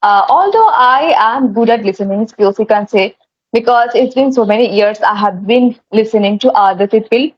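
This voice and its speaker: A woman's voice: a little high, moderate pace. Woman hosting a lo-fi video chat. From India. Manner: earnest, hesitant with many fillers and restarts. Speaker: host. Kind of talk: casual conversation practice. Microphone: video call.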